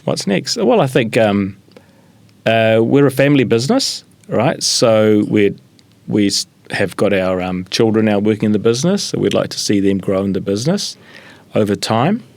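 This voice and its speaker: A man's voice: on the low side, expressive, moderate pace, gravelly, darkish tone, dry recording. A middle-aged man from New Zealand, a business founder talking casually in an interview, telling stories with many fillers and restarts. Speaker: guest, sushi business founder.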